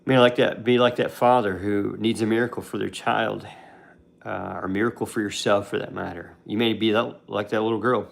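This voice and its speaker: A man's voice: lowish voice, fairly even intonation, brisk, vocal fry. A man casually retelling a Bible story as a devotional host, talking conversationally with fillers and restarts.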